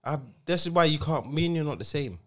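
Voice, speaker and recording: A man's voice: on the high side, animated, fast talker. A man, co-hosting a podcast, teasing and repeating himself in casual banter. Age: 40s. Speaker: podcast co-host.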